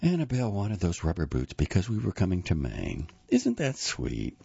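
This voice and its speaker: A man's voice: deep voice, huge pitch swings, moderate pace, gravelly, dark tone, slightly rough, dry recording, dull audio, voice pushed up, full character voice. A man voicing a subdued, grieving young mother. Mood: wistful.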